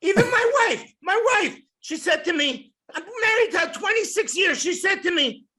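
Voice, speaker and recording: A man in his sixties doing a stand-up comedy set in a club, with a loud, punchy delivery, swearing and shouting his punchlines. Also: very high-pitched, lively intonation, normal speed. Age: 60s.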